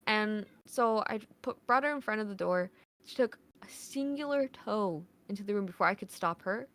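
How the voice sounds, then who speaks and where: A woman's voice: medium pitch, moderate pace, fairly bright tone. A woman, a podcast guest, telling a casual story in a rambling way, full of "like" fillers and swearing.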